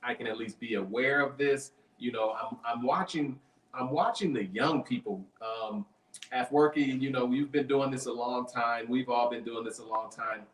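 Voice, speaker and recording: A man's voice: mid-range voice, normal speed, a bit bright, far from the mic. Man, talk show host, earnest, rambling, reverberant room, away from the mic. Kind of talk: conversational show hosting.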